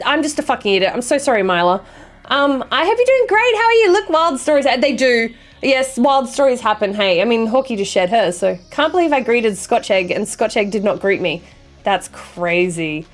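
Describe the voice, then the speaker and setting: A young adult woman streamer chatting casually with her viewers, swearing freely and apologizing quickly. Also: on the high side. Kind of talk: casual chat reading viewer messages.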